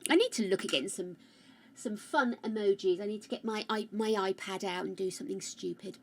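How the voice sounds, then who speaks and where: A woman chatting casually with her live-stream viewers on a close mic, loud and rambling, greeting people by name. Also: mid-range voice, a little fast.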